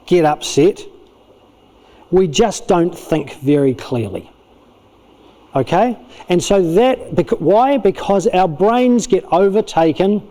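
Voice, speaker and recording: A middle-aged man with a New Zealand accent gives a parenting talk at a church. His voice sits a little high for a man but sounds mellow and relaxed. He teaches in an animated way and drops into quick impressions of parents and kids. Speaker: clinical psychologist giving a church parenting talk. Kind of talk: lively spoken teaching talk. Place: church auditorium.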